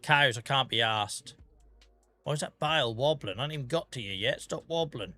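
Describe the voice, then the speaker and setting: Chatty Norfolk man, bright voice. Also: medium pitch, fairly quick. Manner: chatty, self-deprecating, mutters to himself. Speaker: streamer. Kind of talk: casual gameplay commentary. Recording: faint music in the background.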